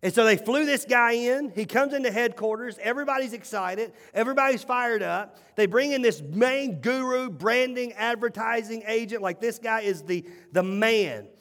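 A male pastor preaching a sermon with animated, emphatic storytelling and repeated phrases. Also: very high-pitched, normal speed, few pauses. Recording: long hall reverb.

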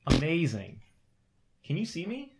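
A tiny, cheeky adventurer with a high, giggly voice that swings about, a man putting him on. He is chipper and bouncy in a tabletop game. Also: wildly swooping pitch, unhurried, creaky, breathy edge, heavily acted.

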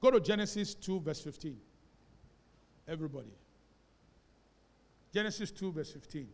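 In a reverberant church hall, a male pastor preaches emphatically, calling on the congregation to repeat after him. His voice is a little high, expressive and a little mellow, at a moderate pace.

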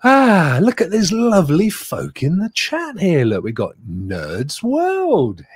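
Man, West Country English accent, husky, lively swinging pitch, playful host, casual chat. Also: slow, no room sound. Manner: chatty, playful, does funny voices. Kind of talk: casual live-stream chat.

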